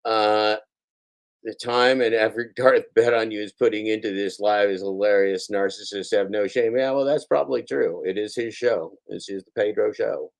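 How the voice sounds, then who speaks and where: Sarcastic low-voiced man on a live stream. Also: steady tone, moderate pace, gravelly. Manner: sarcastic, mocking. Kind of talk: casual live-stream chat, reading comments.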